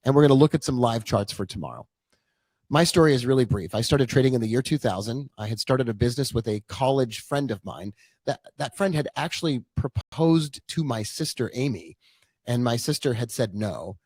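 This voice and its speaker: A man's voice: medium pitch, animated, brisk, a little mellow, slightly rough, dry recording. A man in his forties, a trading coach, telling his own story in a casual, chatty live-stream talk full of asides.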